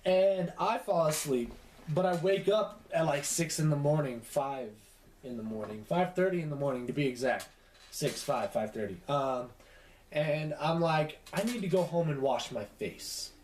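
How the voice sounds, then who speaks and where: Young man, higher-pitched, animated storyteller on a casual podcast; echoey room, faint noise. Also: normal speed. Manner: animated, profane storytelling with acted quotes. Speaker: podcast co-host.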